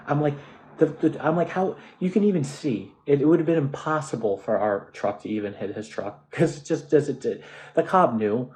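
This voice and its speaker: A man's voice: mid-range voice, expressive, fairly quick, darkish tone, rough recording. A man in his twenties with an American accent, ranting in a casual monologue, swearing often and restarting his sentences. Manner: profane, restless, frequent restarts and fillers. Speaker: vlogger.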